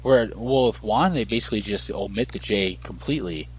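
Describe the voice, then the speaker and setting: A man's voice: on the low side, fairly quick, husky, low-quality recording. A man hosting a casual podcast chat, laughing often and rambling with fillers. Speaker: podcast host.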